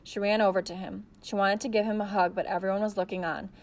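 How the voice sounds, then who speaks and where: A woman narrating a novel with steady storytelling. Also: mid-range voice, quick pace. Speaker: audiobook narrator. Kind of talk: audiobook narration.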